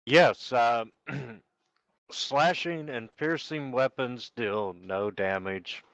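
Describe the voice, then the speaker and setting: A man running an online tabletop game as game master, unhurried and thinking aloud as he checks the rules. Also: medium pitch, a bit bright, no echo, highs cut off.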